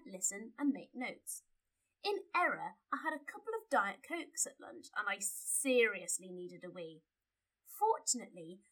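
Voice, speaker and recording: A woman co-hosts a casual podcast and reads a story aloud in a bright, somewhat high voice. Her pitch moves in a lively way, and she delivers lines wryly. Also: poor audio. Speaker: podcast co-host.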